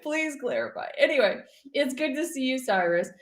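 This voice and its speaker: A high-voiced woman hosts a casual online show, chatting her way through odd news stories. She talks in an animated, joking way, quick to laugh. Her voice carries a roomy echo. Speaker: show host.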